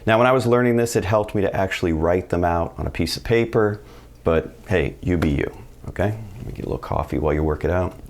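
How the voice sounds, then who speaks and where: A man with a low voice teaches a video language lesson. He sounds casual and upbeat and walks through each step plainly. His tone is friendly and easygoing. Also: quick pace, slight background noise. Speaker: Spanish teacher.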